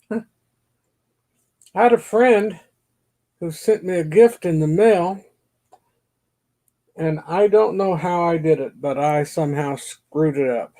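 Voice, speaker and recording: A man's voice: on the high side, slow pace, pauses often, warm tone. A middle-aged man hosting his own channel from a home basement, chatting casually to the camera in a rambling, self-deprecating way and muttering to himself. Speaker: YouTube channel host.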